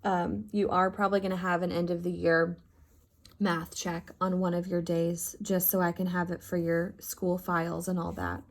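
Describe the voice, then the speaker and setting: A woman's voice: lowish voice, level tone, normal speed. Heartfelt woman teacher addressing her class. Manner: heartfelt and affectionate with her students; encouraging, upbeat teaching talk. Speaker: fifth grade math teacher. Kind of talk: recorded remote class lesson.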